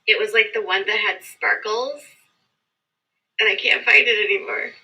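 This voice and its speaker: A woman chats on a casual livestream, talking directly to her viewers. Her voice has a very bright, sharp edge. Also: mid-range voice, moderate pace, poor audio. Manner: chatty, talks straight to viewers.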